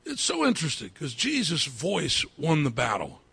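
Fervent, raspy-voiced man preaching. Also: on the high side, huge pitch swings, moderate pace, no echo. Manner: builds to fervent shouting, repeats phrases. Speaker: pastor. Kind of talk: sermon.

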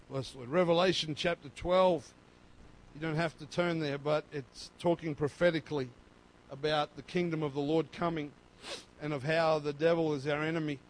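High-voiced man preaching a lively sermon. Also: a little hiss or hum, rough recording. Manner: preaching with dynamic swings between loud and soft. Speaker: pastor.

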